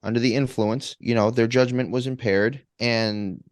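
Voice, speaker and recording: A man co-hosting a podcast, presenting a case in casual chat, halting with fillers and restarts. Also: medium pitch, steady tone, dry recording, studio quality.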